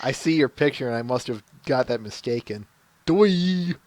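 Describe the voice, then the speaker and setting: A man's voice: mid-range voice, a little fast, no echo. A man with a Minnesotan accent hosting a casual live-stream podcast, chatty and laughing, often restarting his sentences. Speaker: podcast host.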